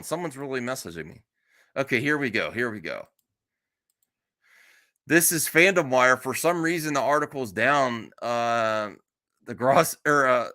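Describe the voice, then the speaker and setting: A man's voice: mid-range voice, sharp tone. A man hosting a casual live stream, reacting bluntly and with exasperation, swearing freely as he reads chat. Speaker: streamer host.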